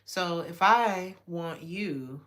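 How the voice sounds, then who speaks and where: A woman's voice: lowish voice, extremely slow, a bit bright. Blunt, laughing woman tarot reader. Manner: blunt, swears freely, laughs often. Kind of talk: casual tarot reading.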